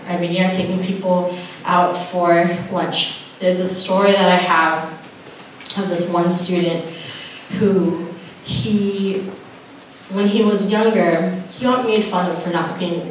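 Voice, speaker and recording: Young woman giving a heartfelt testimony from a stage, caught from far off in a reverberant hall. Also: lowish voice. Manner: earnest storytelling with laughs and acted-out dialogue. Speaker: camp speaker. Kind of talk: personal testimony message. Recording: echoey hall from far off, noisy.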